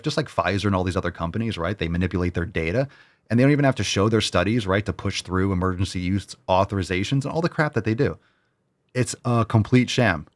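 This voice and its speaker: A man with a fairly low voice delivers a heated solo rant as a show host. He swears constantly, drips with sarcasm and hammers his points by repeating them. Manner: repeats phrases for emphasis. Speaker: podcast host. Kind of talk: solo ranting commentary.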